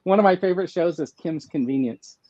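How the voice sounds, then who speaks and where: A man's voice: fairly high pitch, brisk, warm tone, no room sound, muffled recording. A man speaking as a guest in a casual livestream chat, rambling with many fillers.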